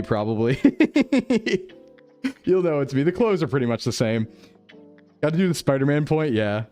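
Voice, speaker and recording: A man chatting casually on a live stream, excitable and gushing with thanks, often breaking into laughter. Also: on the high side.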